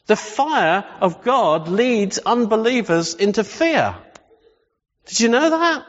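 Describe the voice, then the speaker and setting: A man's voice: high voice, lively intonation, slow. A man preaching a sermon, emphatic and full of rhetorical questions. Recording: echoey hall, slightly dull sound.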